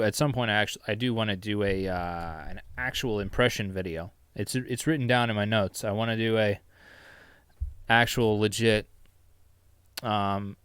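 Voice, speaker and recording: A man's voice: fairly low pitch, a bit bright, clean tone, no echo, studio quality. A man hosting his own solo podcast from his basement, rambling, mocking himself and swearing freely. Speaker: solo podcast host and YouTuber. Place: home basement.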